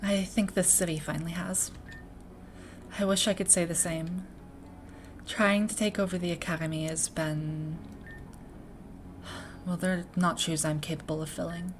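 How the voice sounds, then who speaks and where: A woman reading the lines of a weary young leader of an academy in a video game, speaking softly and reflectively. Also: fairly low pitch, little pitch movement, unhurried, pauses often, a little hiss or hum, natural voice. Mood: wistful. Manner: soft, subdued, reflective. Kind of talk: reading game dialogue aloud.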